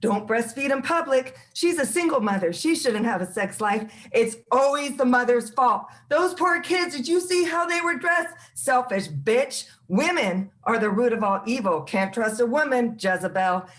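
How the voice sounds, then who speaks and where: A woman's voice: fairly high pitch, expressive, normal speed, hardly any pauses. Woman reciting rhythmic spoken word. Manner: rhythmic, list-like delivery. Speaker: open mic poet.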